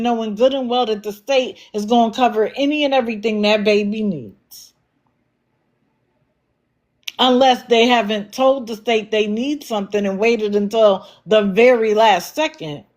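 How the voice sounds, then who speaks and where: A woman's voice: fairly high pitch, darkish tone. Blunt, scolding woman livestream host. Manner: blunt, scolding, sarcastic rhetorical questions. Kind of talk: commentary livestream.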